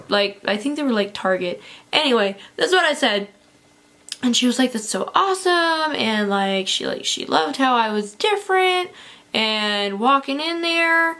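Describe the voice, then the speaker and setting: Young woman vlogging, slow and chatty, lots of fillers, high voice. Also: creaky, fairly bright tone, slight background noise. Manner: chatty, many fillers and frequent laughs. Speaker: beauty vlogger. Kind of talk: casual storytelling vlog.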